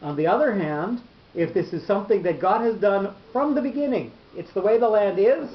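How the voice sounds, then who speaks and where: A man's voice: high voice, lively intonation, fairly quick. A man teaching a Torah lesson to a small class, explaining patiently and repeating key words. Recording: echoey room, dull lo-fi sound.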